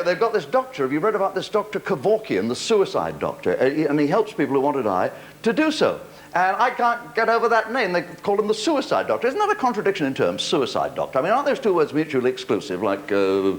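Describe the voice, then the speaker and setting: An older British man doing stand-up comedy with wry, punchline-driven timing, taking questions from a studio audience. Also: high-pitched. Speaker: comedian host. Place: TV studio before a live audience. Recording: loud studio audience laughter, noisy old tape.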